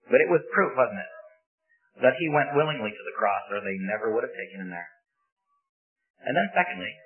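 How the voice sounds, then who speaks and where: A man delivers a sermon in a lively storytelling way, often asking his listeners questions. The sound is thin and phone-like, with faint music behind him. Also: medium pitch. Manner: animated storytelling with rhetorical questions. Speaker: preacher.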